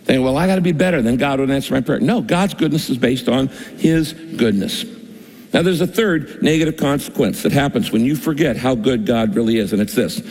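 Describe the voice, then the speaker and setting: A man's voice: medium pitch, a little fast, darkish tone. A male pastor preaching a sermon, telling a personal story with emphatic, storytelling delivery. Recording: long hall reverb.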